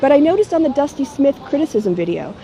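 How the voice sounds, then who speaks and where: A middle-aged woman vlogs to a handheld camera held at arm's length, her delivery mocking and sardonic. Her voice sits a little high with a mellow, warm tone. Faint noise hums behind her. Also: very animated, quick pace. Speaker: YouTuber. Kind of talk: casual talking-head vlog.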